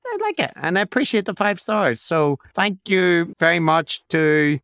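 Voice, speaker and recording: Wry male podcast host, clear dry voice. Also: sits high, big pitch swings, a bit bright, no room sound. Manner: wry, joking, quick asides. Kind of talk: casual chat, reading listener reviews.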